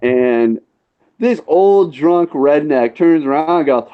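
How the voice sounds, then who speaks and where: A man's voice: fairly high pitch, expressive, takes it slowly, clear, resonant tone. A man with a Northern US accent, telling a rambling story in casual podcast chat. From northern Illinois. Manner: rambling, tangent-prone storyteller. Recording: dull lo-fi sound.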